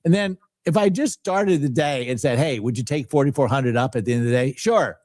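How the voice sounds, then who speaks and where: A man co-hosting a live trading stream, excitably calling out prices and countdowns. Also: medium pitch, fairly quick, dry recording. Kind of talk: live market commentary.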